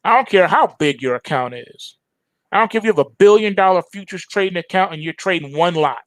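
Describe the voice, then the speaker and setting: A man's voice: high-pitched, expressive, a little fast, dry recording. A man hosting a trading show, giving an emphatic, preachy market commentary full of slang and repetition.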